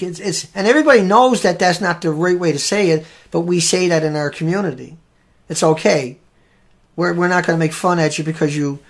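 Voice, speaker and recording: A man hosting a live show, giving heated, emphatic commentary on news headlines with sudden loud bursts. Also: on the high side, creaky.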